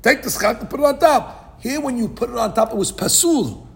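Gravelly high-voiced man teaching Talmud. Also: a little fast. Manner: reads Aramaic text then explains in English; animated, asks and answers his own questions. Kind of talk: daily Talmud class. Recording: podcast recording of a live class.

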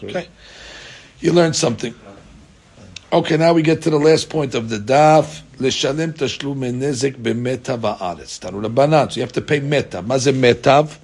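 Husky man teaching a Talmud class. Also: medium pitch, moderate pace, darkish tone. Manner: reads out Aramaic text and explains it in casual English; asks rhetorical questions, many filler "uh"s.

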